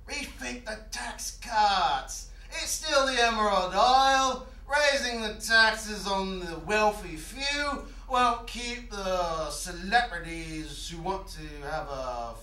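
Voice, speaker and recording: A man's voice: high-pitched, lively intonation, takes it slowly, pushed and bright, exaggerated voice. A man voicing a mounted stag head that chides a politician in a mock-British manner, recorded on an echoey stage from a distance. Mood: chiding. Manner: mock-British, chiding and sly. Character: talking mounted stag head, male, wry and meddling.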